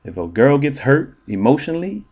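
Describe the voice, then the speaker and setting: A man who works as an entertainer and relationship show host, talking in a blunt, profane, animated monologue with frequent ums. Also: mid-range voice, fairly quick, slightly rough, highs cut off. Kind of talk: casual monologue.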